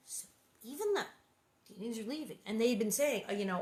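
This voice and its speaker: Wry, animated woman in her sixties reading aloud. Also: mid-range voice, brisk. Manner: animated, wry, laughing asides. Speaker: reader and host. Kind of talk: storybook reading with chatty asides. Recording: roomy echo.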